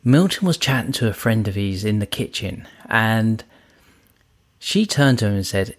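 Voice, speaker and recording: A man teaching through stories as a trainer, relaxed and speaking straight to the listener. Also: on the low side, moderate pace. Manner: relaxed storyteller, addresses the listener. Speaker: trainer, podcast host. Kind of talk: storytelling lesson.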